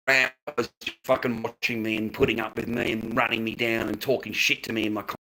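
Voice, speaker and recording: A man's voice: fairly low pitch, little pitch movement, fairly quick, hardly any pauses, sharp tone, a little hiss or hum, poor audio. An Australian man livestreaming from home, ranting bluntly and profanely at his chat. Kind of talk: casual livestream rant.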